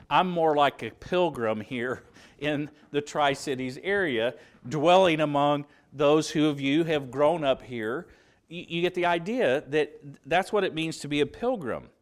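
A man from southern Indiana preaching a sermon, earnest and conversational, with fillers and restarts. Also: fairly high pitch. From southern Indiana, USA.

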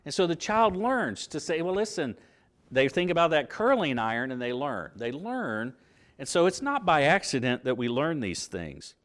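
A man's voice: on the high side, sing-song, moderate pace, a bit bright. A middle-aged man teaching a Bible lesson in sermon style, asking rhetorical questions and acting out quoted voices. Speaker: preacher teaching a Bible class.

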